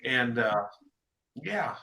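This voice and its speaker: A man hosting a casual livestream chat, halting and repeating words while he encourages a friend. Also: mid-range voice, sing-song, creaky, sharp tone, reverberant. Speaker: host.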